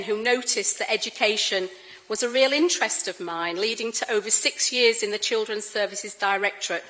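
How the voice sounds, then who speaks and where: Middle-aged woman speaking in a council chamber, warm storytelling, bit of wry humour, formal speech. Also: medium pitch, rough recording. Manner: warm, anecdotal, gently humorous. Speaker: incoming Lord Mayor.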